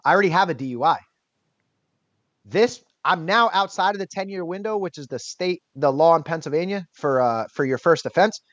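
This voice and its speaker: A man guest on an interview podcast, telling a personal story in a casual, lively way and acting out what others said. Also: a little high, a little fast, no echo. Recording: dull lo-fi dry sound.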